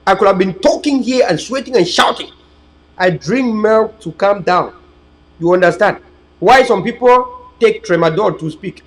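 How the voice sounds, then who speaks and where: A man's voice: sits high, moderate pace, low-quality recording. A man, hosting an online political channel in a rambling, preachy, emphatic livestream monologue to his viewers.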